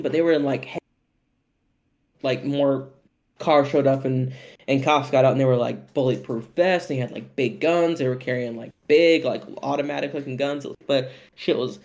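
A young man co-hosting a podcast, telling a story in casual, profane, animated chat and often laughing. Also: mid-range voice. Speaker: podcast co-host.

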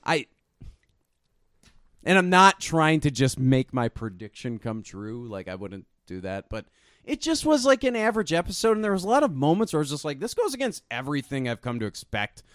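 Lively animated man on a podcast. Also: a little high, moderate pace, no room sound, clean studio sound. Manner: swearing, animated, laughs often. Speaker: podcast co-host. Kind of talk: casual chat.

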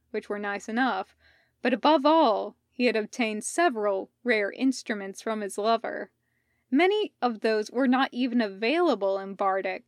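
A woman narrating a fan fiction audiobook in a calm, even storytelling manner. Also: a little high, no echo, studio quality. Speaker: podfic reader.

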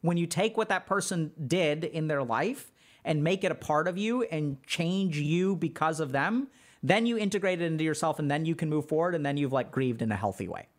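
A man's voice: a little high, moderate pace. Casual man explaining on stream. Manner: relaxed, filler-heavy, explains with slang. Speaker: livestream host answering chat. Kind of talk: casual teaching chat.

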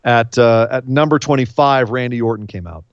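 A man co-hosting a podcast in a casual recap chat, excitable and emphatic, sometimes choked up. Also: mid-range voice, moderate pace, clean tone, dry recording, highs cut off. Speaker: podcast co-host.

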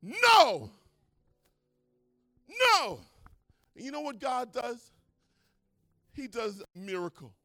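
A man preaching a sermon at a church service, excitable and swinging from hushed talk to shouting as he retells stories. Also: extremely high pitch, moderate pace, long pauses, no echo. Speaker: pastor.

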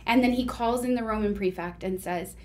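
A woman co-hosting a casual chat, an animated storyteller who exclaims often. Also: medium pitch, brisk, slight background noise. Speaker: podcast co-host.

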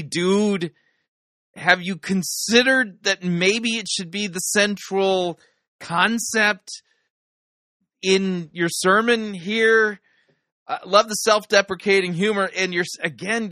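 A man's voice: high voice, bright, forceful tone, no echo. A man giving sarcastic critical commentary on a sermon, dry and mocking.

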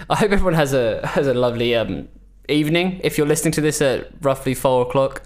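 A young man co-hosting a podcast in casual chat, relaxed, swearing freely and laughing often. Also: medium pitch, fairly quick. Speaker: podcast co-host.

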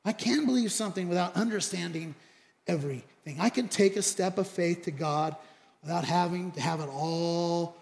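A man's voice: sits high, moderate pace, creaky, a little mellow. A man preaching a sermon, animatedly acting out both sides of the conversations he retells. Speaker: pastor. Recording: long hall reverb.

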